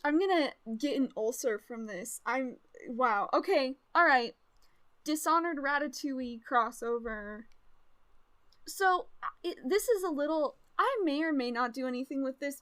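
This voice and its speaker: A woman co-hosting a casual chat podcast, excitable and rambling, quick to burst into laughter. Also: high-pitched. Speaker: podcast co-host.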